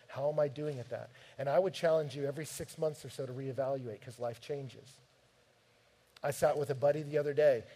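A man preaching a sermon, telling stories from his home life in an animated, direct way. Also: medium pitch, breathy edge. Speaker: pastor.

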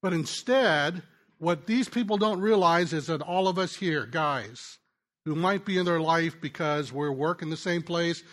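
Storytelling male preacher, slightly high voice. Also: unhurried. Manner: conversational storytelling, drops soft and quiet in tender moments; frequent restarts and stammers. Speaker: pastor and ministry teacher. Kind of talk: sermon.

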